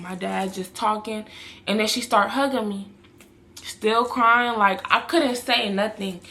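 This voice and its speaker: A woman's voice: medium pitch, a bit bright. A young woman vlogger telling a personal story in a casual, rambling way, repeating herself and speaking to viewers as y'all.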